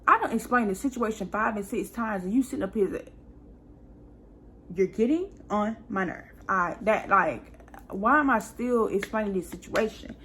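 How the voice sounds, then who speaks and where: A woman's voice: medium pitch, expressive, moderate pace, fairly bright tone, a little hiss or hum. A young woman vlogger telling a casual storytime, chatty and exasperated, full of asides.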